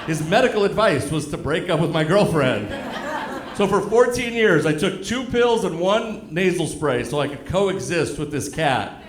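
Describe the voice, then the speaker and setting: A male stand-up comedian telling a story on stage, dry and deadpan, acting out the other people in it. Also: on the high side, moderate pace. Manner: deadpan storytelling with acted-out quotes. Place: comedy club stage with live audience. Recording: echoey live club room.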